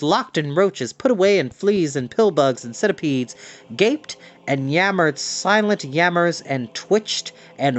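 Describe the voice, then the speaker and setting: A man reading a book aloud as a storyteller, in a dramatic, expressive way. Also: fairly high pitch, no echo.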